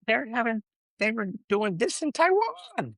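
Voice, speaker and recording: Ranting middle-aged man with a lively voice. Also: extremely high pitch, unhurried, no room sound. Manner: ranting and emotional, swears, says "bro" constantly; rambling with restarts. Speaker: podcast host. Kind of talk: solo podcast monologue.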